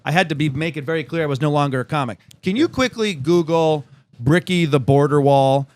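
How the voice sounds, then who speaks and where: A man, a comedian guest on a podcast, telling stories in an animated, profane way. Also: a little high, brisk. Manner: animated storyteller, swears freely. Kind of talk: casual podcast chat.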